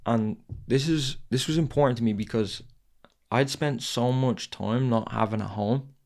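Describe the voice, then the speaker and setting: A man's voice: mid-range voice, moderate pace, vocal fry, a little mellow. A man hosting a podcast and telling a raw, candid personal story, swearing and repeating his phrases. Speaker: podcast host.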